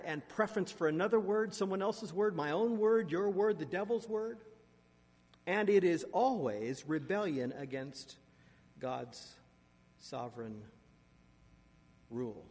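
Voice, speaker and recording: A man preaching a sermon, reading scripture aloud and adding asides, with sharp shifts in loudness and emphasis. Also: on the high side, breathy edge. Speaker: pastor. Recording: long reverb of a large hall.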